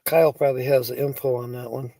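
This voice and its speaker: A man's voice: mid-range voice, flat delivery, fast, creaky, dark tone, no room sound. A man hosting a casual live stream who reads viewer comments aloud, plays with silly wordplay and keeps breaking into laughter. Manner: giggly, breaks into laughter often; playful and goofy, tickled by wordplay.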